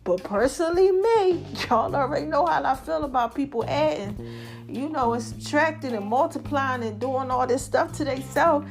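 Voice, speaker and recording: A woman's voice: sits high, animated, moderate pace, faint music behind. A woman hosting her own podcast in casual solo chat, laughing often and calling her listeners baby and y'all. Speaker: podcast host.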